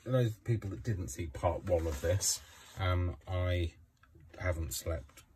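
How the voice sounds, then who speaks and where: A man's voice: low-pitched, fairly even intonation, slow, a little mellow, distant mic, a little hiss or hum. A tired man with a yawning, rambling manner, chatting to the camera while he does a craft project at home. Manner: rambling, self-talking, many ums and restarts. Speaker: craft vlogger. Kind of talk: casual chat while crafting. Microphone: phone camera left running.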